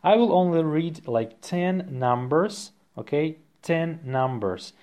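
A man teaching a podcast language lesson, slowly and patiently dictating items and repeating each one twice. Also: on the high side, lively intonation, darkish tone. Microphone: podcast microphone.

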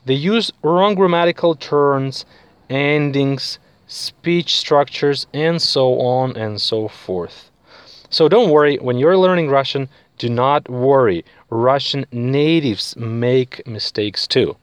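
A man's voice: mid-range voice, takes it slowly, clean tone, no room sound. A man teaching a beginner language lesson, explaining patiently with many fillers and frequent check-ins with the listener.

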